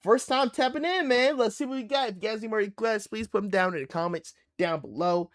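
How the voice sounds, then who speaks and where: A young man hosting a live reaction stream, talking in a casual, slangy and excitable way and laughing easily. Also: high-pitched, brisk. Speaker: livestream reaction host.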